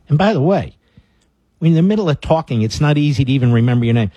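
A man's voice: medium pitch, lively intonation, fast, warm tone, slightly rough, dry recording. A middle-aged man hosting a talk radio show, reading news stories aloud and breaking off into sarcastic, combative rants.

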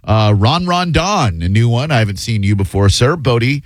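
Sitting in as a talk radio host, a fifty-something man chats casually and spins rambling stories at his own expense, using plenty of fillers. His medium-pitched voice moves at a normal speed with lively intonation, picked up by a studio broadcast mic in a radio studio, with no echo.

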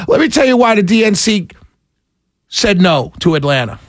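A man's voice: sits high, very animated, unhurried, no echo. A male talk show host giving a political commentary monologue, laughing often and slipping into a mock-preacher cadence.

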